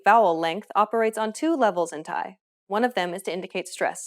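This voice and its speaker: Woman, language teacher, scripted lesson narration, clear and explanatory, mid-pitched.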